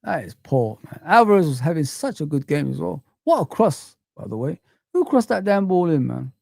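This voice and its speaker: A man's voice: a little high, sing-song, normal speed, gravelly, darkish tone, dry recording, clean studio sound. A man hosting a football live stream, ranting in heated street slang as he reads the chat.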